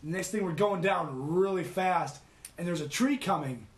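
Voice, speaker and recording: A man's voice: high-pitched, normal speed, echoey room. A young man on a podcast telling a sledding story, often laughing as he goes. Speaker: podcast co-host. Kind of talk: casual storytelling.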